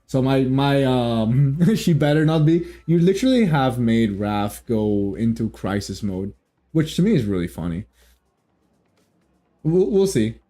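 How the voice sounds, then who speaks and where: A man's voice: medium pitch, animated, unhurried, mellow, soft background music. Rambling, joking man reacting to a game. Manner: rambling, joking, frequent restarts and laughs. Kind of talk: casual gameplay commentary.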